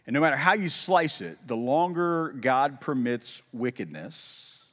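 A man preaching a sermon in a casual, conversational way, with self-deprecating humor and lively emphasis when quoting. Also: mid-range voice, measured pace, long reverb tail. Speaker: pastor.

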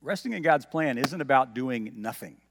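A man's voice: mid-range voice, expressive, moderate pace, in a large hall, a little hiss or hum. A male pastor preaching a sermon, teaching and asking the listeners questions, and reading scripture aloud with emphasis. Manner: teaching, asks the congregation questions.

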